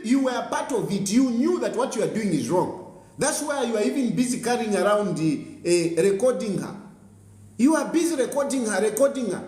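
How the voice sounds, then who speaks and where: A Zambian man delivers a heated political monologue, scolding and repeating himself for weight. His voice sits high and moves a lot. The room is echoey. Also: a little mellow. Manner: combative, scolding, repeats phrases for emphasis. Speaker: political commentator host. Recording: roomy echo.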